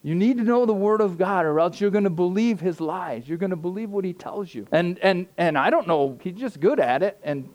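A middle-aged male pastor gives a casual, conversational sermon. His voice sits a little high for a man. He talks in loose, self-deprecating asides full of fillers and restarts. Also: expressive, fairly quick, hardly any pauses, a little mellow. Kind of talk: informal sermon.

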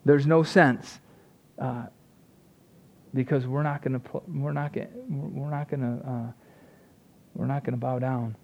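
A man's voice: medium pitch, steady tone, unhurried, creaky, long pauses, darkish tone, muffled recording. A man preaching a sermon with earnest energy, often restarting his sentences and asking "right?" to his listeners. He is a father of young children, in his thirties or forties. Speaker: pastor.

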